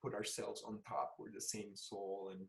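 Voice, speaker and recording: Male guest, forties, casual, filler-heavy, unhurried. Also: on the low side, creaky, a crowd in the background. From Peru. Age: 40s. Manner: relaxed, rambling with many fillers. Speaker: guest artist. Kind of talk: casual podcast interview.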